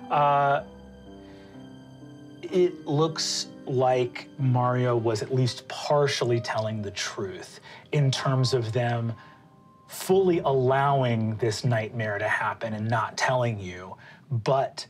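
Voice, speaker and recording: A man's voice: medium pitch, slow pace. Casual profane male GM narration, music bed under. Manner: casual, profane, filler-heavy. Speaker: game master. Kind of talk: narrating a tabletop game.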